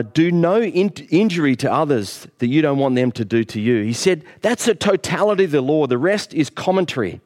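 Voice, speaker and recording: A man's voice: fairly high pitch, darkish tone. Middle-aged man, pastor, preaching with earnest, rising emphasis. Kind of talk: sermon.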